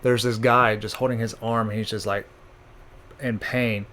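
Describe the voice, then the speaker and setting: A man's voice: on the low side, little pitch movement, moderate pace, sharp tone, slight background noise. A man hosting a casual recap, chatty, laughing often and stumbling over names as he goes. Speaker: channel host.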